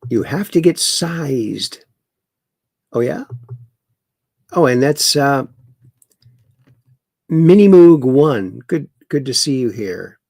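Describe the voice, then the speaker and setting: Gravelly mocking livestream host. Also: male voice, medium pitch, expressive, slow pace, pauses often, darkish tone, dry recording, studio quality. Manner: mocking, chuckling, reads viewer comments aloud. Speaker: livestream host reading chat. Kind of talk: casual political commentary livestream. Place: home in Wisconsin.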